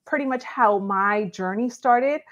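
A woman's voice: a little high, unhurried, a bit bright, lo-fi sound. A woman from Los Angeles, a real estate agent and guest, talking in an upbeat, chatty way. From Los Angeles, California. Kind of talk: casual interview.

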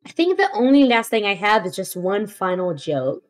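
A young woman guesting on a stream, giggly and a little shy, pausing to find her words and telling puns. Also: mid-range voice, big pitch swings, soft background music. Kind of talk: casual chat.

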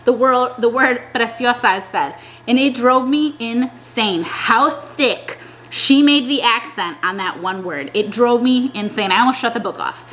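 A young woman talks casually to her viewers in a slangy, chatty way, often trailing off mid-thought and starting again. Her voice is fairly high and bright. Her pitch swings a lot as she talks. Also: expressive, a little slow, a little hiss or hum. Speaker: vlogger. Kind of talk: casual chat.

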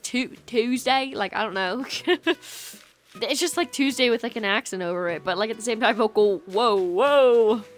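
Young female streamer, casual and scattered chatter to chat, soft music bed under a USB mic. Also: fairly high pitch. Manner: scattered, chatty, lots of fillers and laughs. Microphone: USB microphone. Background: soft lofi music.

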